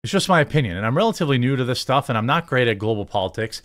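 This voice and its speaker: A man's voice: medium pitch, lively intonation, rapid-fire, fairly bright tone. A man hosting his own channel, giving sarcastic, rambling political commentary. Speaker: host.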